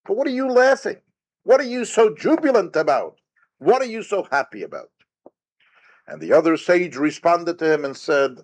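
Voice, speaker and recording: Rabbi man giving a lecture, high voice, lively swooping pitch, emphatic rhetorical questions. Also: normal speed. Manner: retells Talmud story with quoted sage dialogue. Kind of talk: recorded Torah lecture.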